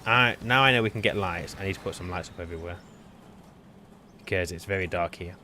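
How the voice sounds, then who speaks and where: A man's voice: low voice, fairly quick, bright, forceful tone, a little hiss or hum. A man co-hosting a gaming stream, chatting casually in a hesitant, rambling way and often restarting his sentences. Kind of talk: casual chat while gaming.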